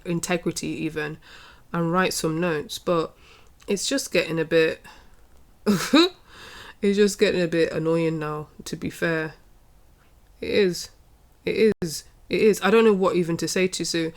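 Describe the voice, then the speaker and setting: A woman's voice: lowish voice, normal speed. A young adult woman hosting her own wrestling channel, giving an exasperated, opinionated rant that keeps repeating and trailing off. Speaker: wrestling commentary channel host. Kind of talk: opinionated casual rant to camera.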